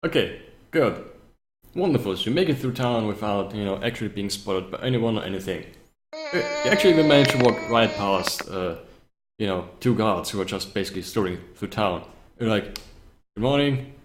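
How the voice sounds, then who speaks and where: Low-voiced man running a tabletop game. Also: brisk, roomy sound. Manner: relaxed, joking narration with filler words. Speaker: game master.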